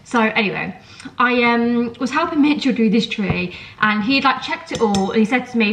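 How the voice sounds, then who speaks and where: A young woman talks to camera from her kitchen in a casual, rambling way, peppering her stories with ums and likes. Her voice sits a little high, and a sore throat roughens it slightly. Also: moderate pace, a bit bright, slight background noise, poor audio. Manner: chatty, storytelling, lots of fillers like um and like. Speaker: vlogger. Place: home kitchen.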